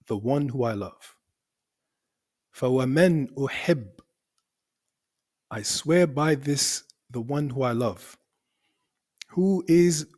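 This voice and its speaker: A man's voice: mid-range voice, darkish tone. A male teacher explaining the grammar of an Arabic poem line by line, in a methodical way that repeats and rephrases for emphasis.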